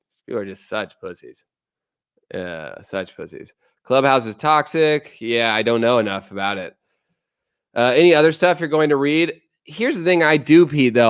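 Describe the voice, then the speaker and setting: A man's voice: mid-range voice, smooth, dry recording, studio quality. A man hosting a casual livestream, chatting bluntly and profanely, reading viewer comments aloud and rambling between topics. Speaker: livestream host.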